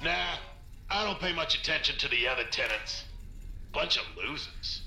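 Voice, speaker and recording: Boastful game tenant, dismissive, raspy fry, sharp tone. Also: male voice, a little high, expressive, normal speed, echoey room, full character voice. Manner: dismissive and crude. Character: rude, boastful male tenant in a rundown building.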